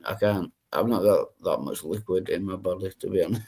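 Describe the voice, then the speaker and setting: A man's voice: low voice, normal speed, darkish tone, breathy edge. A man hosting a live stream chat, joking crudely and laughing often at himself. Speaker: stream host.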